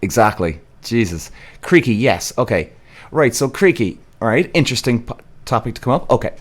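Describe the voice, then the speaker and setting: A Cork man with an Irish accent hosts a live podcast, reading viewers' comments in blunt, exasperated fashion and swearing freely. His medium-pitched voice is very animated and runs at a normal speed in this casual live-stream chat.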